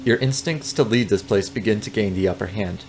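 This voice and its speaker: A man's voice: fairly low pitch, brisk, a little mellow, a little hiss or hum. A man reading a text adventure game aloud, with playful joking asides. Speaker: game narrator.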